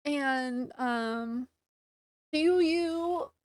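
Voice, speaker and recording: A woman's voice: high voice, very slow. A woman with a child, casually retelling a novel's ending for her book review vlog, sniffly from allergies and filling her talk with "like" and little laughs. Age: adult with a child. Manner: chatty retelling with many "like"s and laughs.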